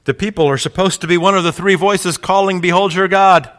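Pastor guy giving a sermon, bright forceful voice, goes big then gets real quiet. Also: high voice, fairly even intonation, brisk. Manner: builds to loud climaxes quoting speeches; drops quiet and reflective between points.

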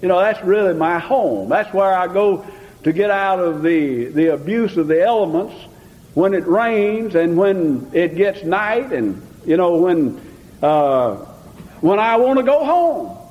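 A man's voice: high voice, expressive, unhurried. An older man preaching a folksy sermon, mixing homespun stories with fervent calls to the Lord. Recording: dull lo-fi sound with long hall reverb.

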